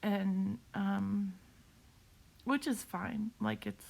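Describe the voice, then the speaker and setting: A woman talking on a live video while crying, in a halting way, repeating herself and laughing through her tears. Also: medium pitch, steady tone, creaky, darkish tone. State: tearful, crying. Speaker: vlogger sharing a cancer update. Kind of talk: emotional live video talk.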